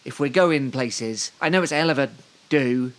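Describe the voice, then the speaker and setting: A man's voice: mid-range voice, normal speed. A man from Devon co-hosting a casual football podcast, rambling through the news with dry, joking asides. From Devon, England. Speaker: podcast co-host.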